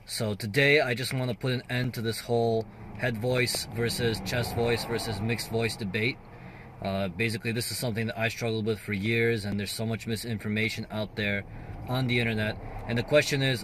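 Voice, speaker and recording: A man with a lowish, slightly bright voice hosts a singing and guitar channel, casually explaining vocal registers in a video lesson. He talks conversationally with fillers and sings short demo notes.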